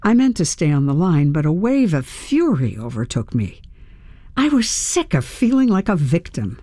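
A narrator reading a tense first-person story aloud in a measured, storytelling manner. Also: mid-range voice, sing-song, mellow, no room sound, studio quality. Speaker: audiobook narrator.

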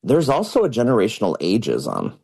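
A man's voice: lowish voice, huge pitch swings, fairly quick, vocal fry, darkish tone, slightly rough. A man, a community project organizer giving articulate, earnest answers in an interview. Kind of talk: radio interview.

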